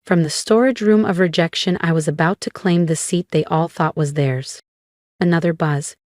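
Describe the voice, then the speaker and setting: A woman reads a first-person story aloud in a calm, measured voice. Her voice sits on the low side for a woman. The recording is dry and close, with no room sound. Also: no echo. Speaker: narrator.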